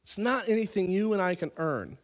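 A pastor preaching a sermon, retelling a Bible story in a casual, conversational way and swinging between loud, stressed lines and quiet ones. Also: male voice, sits high, big pitch swings, fairly quick.

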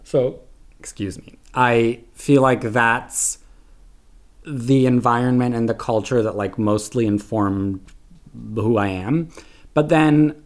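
A young man from Serbia, raised in Canada, chatting casually and playfully as a podcast guest, animated and swearing freely. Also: mid-range voice. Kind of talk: casual chat.

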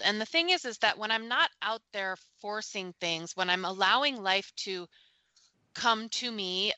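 A woman's voice: on the low side, pushed and bright, dry recording, low-quality recording. A woman co-hosting a reflective spiritual talk, speaking in an earnest and emphatic way.

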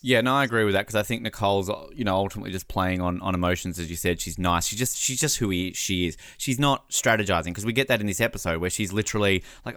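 A young man co-hosting a podcast in a casual chat, animated and quick to jump into high voices when quoting people. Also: no echo, studio quality. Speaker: podcast co-host.

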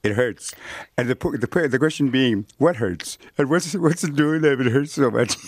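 A man's voice: medium pitch, animated, measured pace, no echo. An older man from Canada, a guest author in a radio interview, talking in a playful, teasing way, often laughing and repeating words for emphasis. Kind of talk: radio interview, casual chat.

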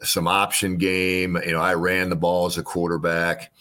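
Man in his sixties, very low voice, folksy unhurried storyteller, interview guest, from Illinois. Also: monotone, fairly bright tone. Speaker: guest, former quarterback.

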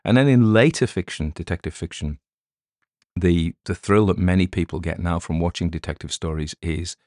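A man's voice: sits low, normal speed, a little mellow, no room sound, studio quality. An Englishman hosting a podcast, chatting casually in a rambling way, with many restarts and asides. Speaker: podcast host. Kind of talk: casual spoken afterword.

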